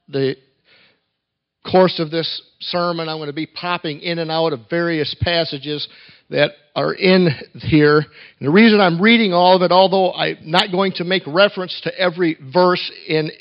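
A man preaching a sermon, telling stories with dramatic pauses and reading scripture with rising emphasis. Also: a little high. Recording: dull lo-fi sermon recording.

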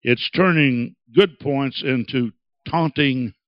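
A man preaching a sermon, dramatic and acting out quoted voices with big swings in pitch. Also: takes it slowly, dry recording, dull audio. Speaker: pastor.

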